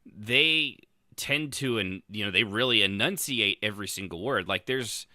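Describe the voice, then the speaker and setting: A man with a fairly low pitch co-hosts a podcast, chatting about roleplay at a moderate pace and restarting often as he rambles. His tone is bright and forceful, captured dry in the studio.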